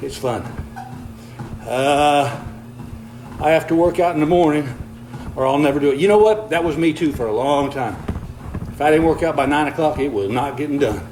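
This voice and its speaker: A man's voice: a little high, moderate pace, pauses often, darkish tone, slight background noise, low-quality recording. Folksy older man on a treadmill. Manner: folksy, easygoing, chuckles often. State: slightly out of breath on a treadmill. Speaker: comedian reading viewer comments on a livestream. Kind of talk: casual livestream chat.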